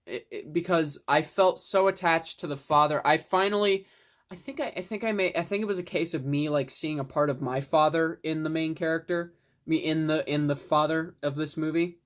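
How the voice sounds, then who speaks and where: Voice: medium pitch, moderate pace. A person casually reviewing films in a video, rambling and restarting sentences, with the odd swear word. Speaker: film vlogger.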